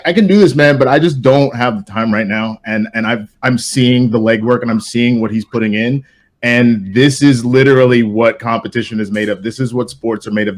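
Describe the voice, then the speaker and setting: A man speaking casually, emotional and passionate, who stumbles over his words and uses slang. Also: medium pitch.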